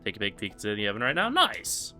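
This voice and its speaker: A man's voice: on the low side, expressive, rapid-fire, sharp tone, soft background music. A man casually commenting on his live-streamed game speedrun, rambling with lots of fillers.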